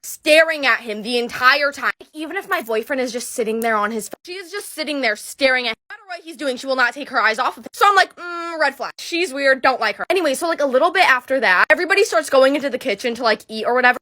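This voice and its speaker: A young woman tells a story in a loose, chatty way, leaning on "like" and breaking into little laughs. Her voice sits a bit high and sounds bright and crisp. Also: no echo, studio quality. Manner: animated and chatty, heavy on "like", laughing. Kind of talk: casual storytime.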